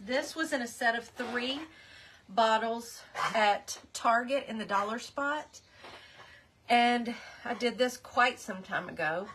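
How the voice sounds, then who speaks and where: Woman craft livestream host: bright voice, slow and rambling, chatty with her viewers. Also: a little high, slight background noise. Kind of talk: casual live craft demonstration.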